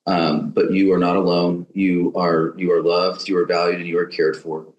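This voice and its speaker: A man with a deep, low-pitched voice shares his thoughts in a measured, halting way, often repeating words as he searches for them. His voice carries the noticeable echo of a roomy space. He speaks as a guest in an interview. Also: little pitch movement, muffled recording. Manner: halting, many restarts and fillers. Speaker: podcast guest. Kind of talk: reflective interview talk.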